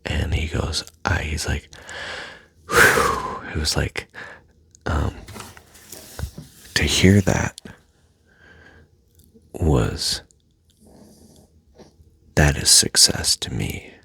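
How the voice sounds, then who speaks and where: A man speaking in a soft, halting personal monologue that often drops to a near-whisper, with a husky voice. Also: a bass voice, lively intonation. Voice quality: husky, gravelly. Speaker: self-help speaker.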